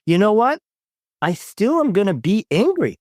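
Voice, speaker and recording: A man's voice: sits high, sing-song, moderate pace, dry recording. Earnest, affirming man on a dry mic. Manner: earnest and affirming, repeats key phrases, swears casually. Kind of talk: casual spiritual recovery conversation.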